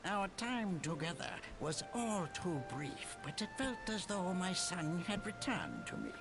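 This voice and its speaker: Gravelly old mentor guy, slow n swoopy, game music under him. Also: sits high, wildly swooping pitch, full character voice. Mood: fond, solemn. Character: elderly male mentor, proud, gentle, wise. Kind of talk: game voice acting. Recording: game audio with clear music behind.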